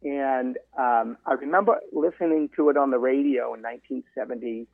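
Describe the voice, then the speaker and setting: Older man, around 70, from Massachusetts, storytelling interview guest, husky, thin phone-line sound. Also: mid-range voice, normal speed, dry recording. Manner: animated storyteller who quotes people in dialogue. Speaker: guest, marathon runner.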